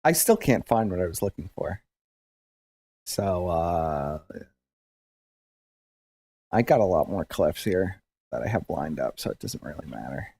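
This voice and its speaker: A man's voice: sits low, expressive, unhurried, gravelly, long pauses, warm tone, slight background noise. A man hosting casual commentary, wry and mocking.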